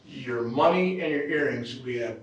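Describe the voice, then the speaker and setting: A man's voice: mid-range voice, moderate pace, distant mic, highs cut off. A man in his fifties, a police detective questioning a suspect, blunt and pressing, often repeating short replies. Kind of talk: police interrogation. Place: police interrogation room. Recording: echoey room recorded from afar.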